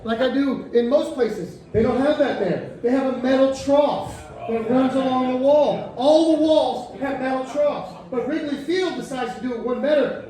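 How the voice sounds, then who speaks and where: A middle-aged Chicago man does a profane stand-up set with crowd work in a comedy club, mellow and loosely rambling but jumping into shrill, high-pitched outbursts. The echoey club sounds far off, with audience laughter behind him.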